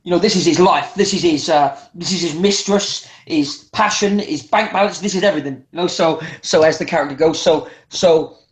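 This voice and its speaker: High-voiced man telling animated stories. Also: fairly quick, few pauses, roomy sound. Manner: animated, acts out voices in anecdotes, frequent restarts. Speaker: guest wrestler. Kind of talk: casual storytelling interview.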